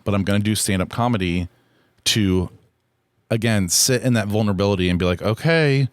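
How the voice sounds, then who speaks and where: A man with a fairly low voice rambles through a solo podcast episode, candid and liberally profane. He keeps poking fun at himself as he goes. His voice is recorded dry and close, with no room sound. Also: fairly even intonation, brisk, no room sound. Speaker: podcast host. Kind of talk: casual solo podcast chat.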